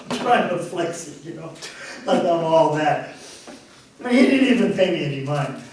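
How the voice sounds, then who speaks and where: A man's voice: fairly high pitch, expressive, measured pace, darkish tone, slight background noise. A pastor telling his personal testimony, a man recounting the story with laughs between phrases. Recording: very echoey, distant microphone.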